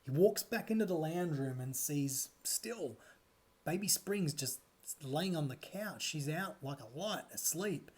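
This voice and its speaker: A man's voice: fairly high pitch, lively intonation, unhurried, a little mellow, husky. A man narrating a horror story in a loose, conversational way, full of fillers and asides.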